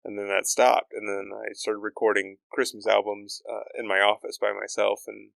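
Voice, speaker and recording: Male comedian guest, gravelly and dry-miked, low-key self-deprecating delivery. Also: little pitch movement, normal speed, a bit bright, no echo. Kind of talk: casual podcast chat.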